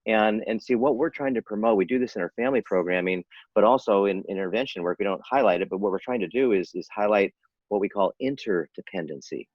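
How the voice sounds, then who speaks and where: An older man in his sixties with a very low voice rattles through his points quickly, earnest and persuasive and often restarting his sentences. The sound is dry and dull, like lo-fi video call audio. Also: dry recording. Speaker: interventionist guest. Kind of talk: casual interview talk.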